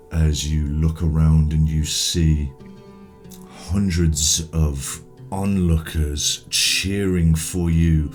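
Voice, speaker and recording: A man narrating a tabletop game as game master, setting each scene in a measured way with the odd filler. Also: extremely low pitch.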